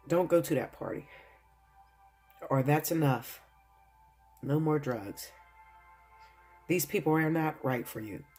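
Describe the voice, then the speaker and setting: A tarot reader giving an earnest spiritual reading and speaking straight to viewers, emotional and fighting back tears at times. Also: mid-range voice. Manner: earnest, addresses viewers directly.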